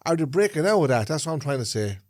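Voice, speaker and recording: A man's voice: on the high side, very animated, quick pace, a little mellow, no echo, clean studio sound. An Irish man co-hosting a podcast in casual chat, rambling and often checking that he is understood. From Ireland. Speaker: podcast co-host.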